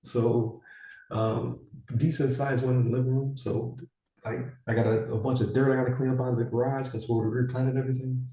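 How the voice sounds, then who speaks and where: A man's voice: medium pitch, flat delivery, a little fast, dark tone, far from the mic. A man in his forties, co-hosting a podcast in rambling casual chat with many fillers and restarts. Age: 40s. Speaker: podcast co-host. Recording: echoey room, somewhat off-mic.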